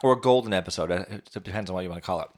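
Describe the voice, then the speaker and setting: A man's voice: low voice, racing. A man in his late twenties co-hosting a podcast, rambling casually with lots of "like". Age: late 20s. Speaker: podcast co-host. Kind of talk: casual chat.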